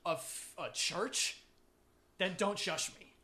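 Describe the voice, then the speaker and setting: A man's voice: sits high, slow, pushed and bright. A man co-hosting a comedy podcast, riffing in casual, crude banter and laughing often. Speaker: podcast co-host.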